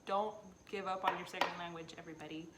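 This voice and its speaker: A woman's voice: fairly low pitch, fairly even intonation, fast talker, very noisy. A woman from Central America chatting as a guest friend in a casual, earnest, musing way. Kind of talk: casual chat.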